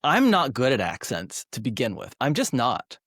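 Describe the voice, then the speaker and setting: A podcast host from New Zealand leading a casual chat, easygoing and quick to laugh along. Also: medium pitch, huge pitch swings, a bit bright, no room sound, studio quality.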